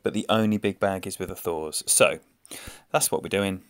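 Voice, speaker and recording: A man's voice: sits low, normal speed, fairly bright tone, no echo. A man giving live gameplay commentary and chatting with his viewers by name, laughing easily. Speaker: game streamer. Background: faint game music.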